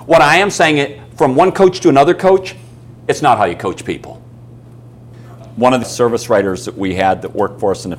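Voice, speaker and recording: A man's voice: deep voice, a little hiss or hum. Emphatic man coaching a seminar audience. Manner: emphatic, asks the audience questions and acts out stories. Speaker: business coaching speaker. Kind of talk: live seminar talk to an audience.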